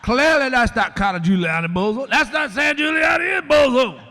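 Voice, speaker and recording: A man doing a shouting indignant politician. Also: expressive, normal speed, big-room sound, slight background noise, heavily acted. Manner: shouting, high-pitched, emphatic. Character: loud indignant male politician protesting his words. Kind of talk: comic impression.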